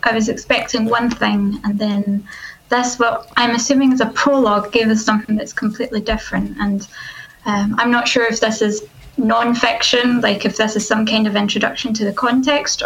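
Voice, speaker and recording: A woman's voice: fairly high pitch, fairly even intonation, normal speed, gravelly, fairly bright tone, slight background noise, poor audio. A woman giving a thoughtful spoken critique of a book opening, with hesitant fillers as she talks. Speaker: guest reviewer.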